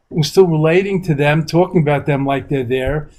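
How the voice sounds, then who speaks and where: A man's voice: a little high, moderate pace, hardly any pauses, a little mellow, poor audio. An older man from New York, a meditation teacher, talking in a rambling, reflective way in an interview over a video call. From New York, USA. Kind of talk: reflective conversation.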